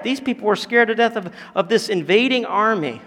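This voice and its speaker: A man with a high, light voice delivers a sermon. He moves from quiet, drawn-out phrases to loud, emphatic bursts. The sound carries a long reverb, like a church hall. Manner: animated, swings from hushed to loud. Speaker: pastor.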